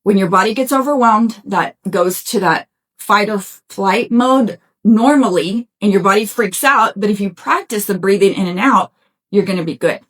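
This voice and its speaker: A woman's voice: medium pitch, normal speed. A middle-aged woman hosting a motivational self-help talk, speaking to listeners in an encouraging, conversational way with a folksy "y'all" and "right?". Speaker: podcast host.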